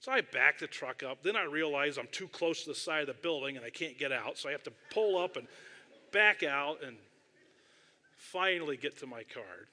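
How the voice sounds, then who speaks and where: A middle-aged male pastor delivers his sermon in a relaxed, storytelling way, laughing at himself and dropping in casual asides. His voice has a bright, clear edge. The sound rings with the long reverb of a large church sanctuary. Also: a little high, moderate pace. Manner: self-deprecating storytelling, conversational asides.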